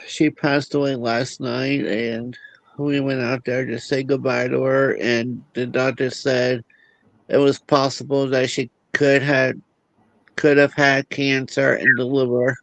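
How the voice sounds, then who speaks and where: Slow, gravelly-voiced grieving man. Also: medium pitch, little pitch movement, a bit bright, no room sound, poor audio. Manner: halting, grieving, repeats words. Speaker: livestream guest. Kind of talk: casual video call chat.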